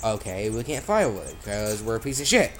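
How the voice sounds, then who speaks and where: A mobile gamer with a lowish, sing-song voice comments a little quickly on a phone game, cursing nonstop and erupting in sudden frustration. It's profane let's-play commentary captured on the phone's built-in mic, with a faint hiss or hum.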